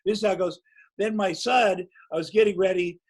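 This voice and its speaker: A man in his sixties with a notably high voice spins loose, rambling anecdotes as a guest. He tells them casually and pokes fun at himself as he goes. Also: steady tone, a little fast, husky, low-quality recording. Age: 60s. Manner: rambling, anecdotal, self-mocking. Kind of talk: casual storytelling.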